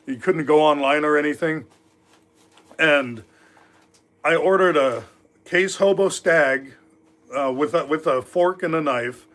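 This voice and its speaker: Hosting a livestream from a knife workshop, a man in his fifties from Alaska tells rambling, easygoing stories full of filler words. His voice is a little high and a bit bright, and he talks a little slowly, pausing often.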